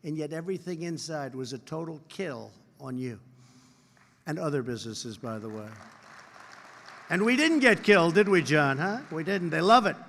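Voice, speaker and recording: An older American man in his seventies delivers a speech from a podium, his voice pitched high and sharp-edged. He keeps repeating himself and drifting into boastful asides aimed at the crowd. The long reverb of a huge hall trails every phrase. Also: lively intonation, normal speed, creaky, slight background noise. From United States. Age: 70s. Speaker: politician giving a speech. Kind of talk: public speech with off-script asides. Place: large convention hall, on stage.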